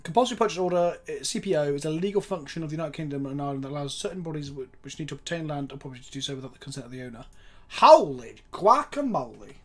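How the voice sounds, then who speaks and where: A mid-pitched streamer who talks loosely and excitably over an online card game. Swear words come often and loud laughs burst out between the plays. The talk is unscripted, live-stream chatter. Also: racing, hardly any pauses, a little hiss or hum. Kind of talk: casual live-stream chat.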